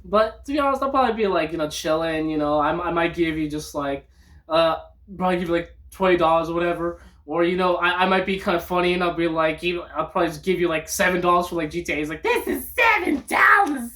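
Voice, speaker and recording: A woman vlogging in an upbeat, rambling monologue, breaking into loud outbursts when she acts out quotes. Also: fairly low pitch, steady tone, fast.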